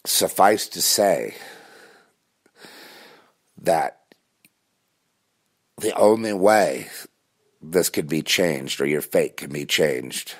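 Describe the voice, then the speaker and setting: Deep-voiced man in a rambling monologue. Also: drawn-out words, pauses often. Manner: intense, repetitive, many restarts and fillers.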